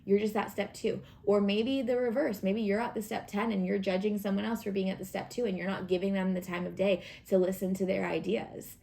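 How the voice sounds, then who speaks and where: A woman's voice: medium pitch, flat delivery, a little fast, vocal fry, few pauses. A woman giving a casual weekly tarot reading, talking in an encouraging, chatty way with lots of fillers. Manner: warm encouraging, chatty with many fillers and acted asides. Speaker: tarot reader.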